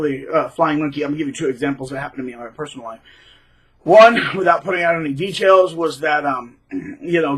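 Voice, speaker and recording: A man talks straight to his viewers in a loose, rambling monologue, stumbling over repeated words and filling gaps with ums. His voice is fairly high and husky, with a bright, tense edge. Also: rough recording. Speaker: channel host. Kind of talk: casual monologue to camera.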